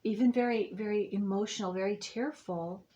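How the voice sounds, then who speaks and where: A woman's voice: medium pitch, fairly even intonation, normal speed, mellow. Woman, reader of a monthly intuitive forecast; meandering, reassuring delivery, mid-range voice. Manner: meandering, rambling with many fillers and restarts. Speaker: astrology and tarot reader. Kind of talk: monthly intuitive reading to viewers.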